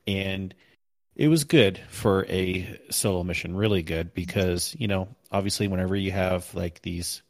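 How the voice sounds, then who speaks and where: A man's voice: low voice, no echo. A man co-hosting a casual gaming podcast, rambling and correcting himself as he recalls story missions. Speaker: podcast co-host.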